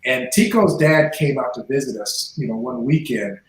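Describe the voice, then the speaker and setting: A man's voice: medium pitch, normal speed. A man in his forties, a former professional football player, telling his life story in a podcast interview and acting out the voices in the dialogue he quotes. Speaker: guest, former NFL player. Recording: echoey room.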